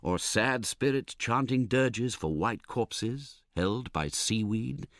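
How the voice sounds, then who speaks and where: Man reading as a wistful poetic dreamer, slow and hushed. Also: medium pitch, lively intonation, no room sound, studio quality. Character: dreamy romantic man by the seashore.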